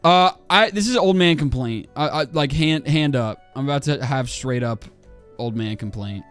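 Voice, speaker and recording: A man's voice: on the high side, moderate pace, a bit bright, clear, resonant tone, soft background music. A man in his twenties ranting casually on a livestream while he plays a game, swearing a lot and full of fillers and restarts. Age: 20s.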